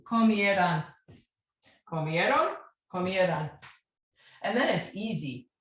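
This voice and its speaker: A woman's voice: lowish voice, animated, takes it slowly. Woman teacher in an echoey room. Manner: patient, checks in with "right?" and spells endings out. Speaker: Spanish teacher. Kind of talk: classroom lesson.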